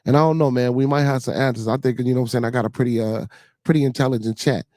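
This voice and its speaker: A man's voice: medium pitch, steady tone, racing, darkish tone, no echo. A man hosting a casual livestream chat, talking in a loose, rambling way with many fillers and a Chicago accent. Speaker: podcast host.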